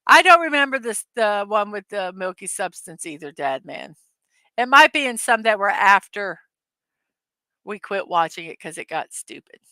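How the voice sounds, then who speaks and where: A woman's voice: mid-range voice, very animated, normal speed, sharp tone, no room sound. A woman hosting a casual morning livestream, chatting loosely, giggling often and reading viewer comments aloud. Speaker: livestream host. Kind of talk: casual live-stream chat.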